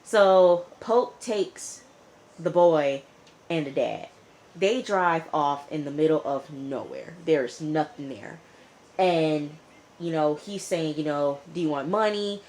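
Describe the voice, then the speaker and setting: Low-voiced chatty woman recapping a show. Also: slow, darkish tone. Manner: talks back to characters as she retells; chatty, lots of "you know" and "like". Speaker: TV reviewer. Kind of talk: casual episode recap.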